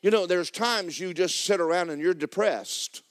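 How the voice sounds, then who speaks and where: Emphatic preaching pastor. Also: male voice, sits high, moderate pace. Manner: emphatic and repetitive, with loud bursts of fervent prayer. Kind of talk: sermon. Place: church.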